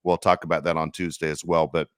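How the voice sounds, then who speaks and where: A man's voice: extremely low pitch, little pitch movement, quick pace, smooth, dry recording, clean studio sound. A middle-aged man hosting a casual sports podcast, telling stories in an earnest, reflective way. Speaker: podcast host.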